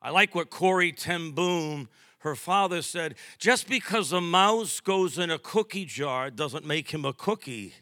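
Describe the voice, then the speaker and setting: Man, sixties, from Massachusetts, pastor, emphatic sermon, high voice, dry sound. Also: animated, measured pace, pushed and bright, no room sound. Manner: emphatic preaching with rising bursts and quips.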